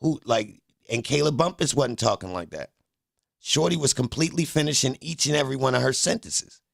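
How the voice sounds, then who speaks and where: Talking a little fast in a gravelly, mid-range voice, this man hosts a livestream and rants at his chat with blunt, profane, heated commentary. The recording is dry and studio quality.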